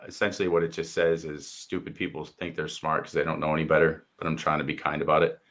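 A man with a very deep, low voice talks bluntly and with real heat as a co-host. He swears freely and slips into mocking quoted asides to make his points. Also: flat delivery, fast talker, fairly bright tone. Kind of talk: heated casual discussion.

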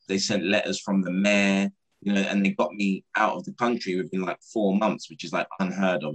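A man's voice: low-pitched, a bit bright, low-quality recording. A man, telling his own life story candidly and acting out the dialogue he quotes. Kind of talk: personal storytelling talk.

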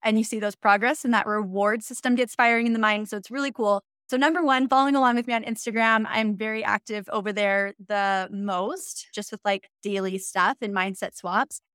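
A woman's voice: mid-range voice, steady tone, a little fast, few pauses, fairly bright tone, smooth, no room sound, clean studio sound. A woman in her thirties, a mindset coach, talking in an upbeat, encouraging way as a guest in a casual interview. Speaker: mindset coach and social media influencer; podcast guest.

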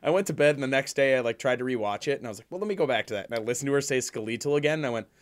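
Swearing, animated young man telling a story. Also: medium pitch, rapid-fire. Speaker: podcast co-host. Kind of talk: casual chat.

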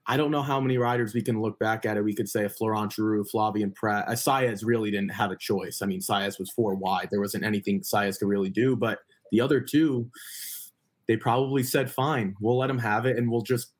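A man co-hosting a racing podcast, thinking through points in a thoughtful, halting casual chat. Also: lowish voice, fairly even intonation, slightly rough. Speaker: podcast co-host.

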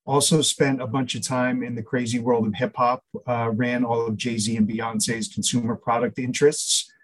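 A man guesting on a podcast, relaxed and hesitant with fillers. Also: mid-range voice, normal speed, low-quality recording. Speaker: guest consultant. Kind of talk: podcast interview.

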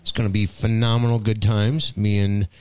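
A man's voice: fairly low pitch, level tone, moderate pace, a little mellow, smooth. Joking male show host, smoker's voice. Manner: joking, rambling, affectionate banter. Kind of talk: casual chat.

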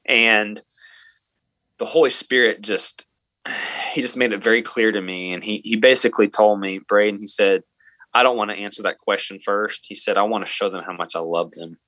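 A fairly low-pitched man with a bright, forceful tone tells a story from his teaching work as an interview guest. He speaks earnestly and keeps quoting himself and others along the way. The recording is dry and close. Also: fairly even intonation, moderate pace, dry recording. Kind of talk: personal story in a podcast interview.

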